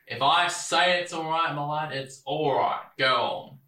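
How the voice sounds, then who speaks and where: A man's voice: fairly high pitch, unhurried, pushed and bright, roomy sound. A man playing a smug, folksy small-town sheriff who talks down to people, tacking on "eh?" and "lad" in an audio drama. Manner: patronizing, sing-song, tags lines with "eh?" and "lad".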